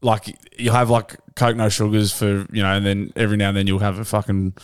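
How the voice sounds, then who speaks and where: Sweary Australian bloke on a podcast. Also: male voice, lowish voice, flat delivery, fairly quick, clean tone, dry recording. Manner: sweary, jokey, cracks up reading the news. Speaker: podcast co-host. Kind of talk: casual chat.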